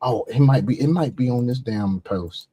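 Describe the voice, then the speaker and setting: A man's voice: mid-range voice, husky, no echo. A man co-hosting a podcast, reacting and swearing in loose casual banter. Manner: animated, swearing, quick reactions. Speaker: podcast co-host.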